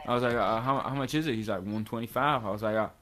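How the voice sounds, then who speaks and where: A man's voice: mid-range voice, fast talker, fairly bright tone, a little hiss or hum. A young man from Kentucky casually telling a long rambling story, full of slang and filler words. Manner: rambling, loose slang, lots of likes and dudes. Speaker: vlogger.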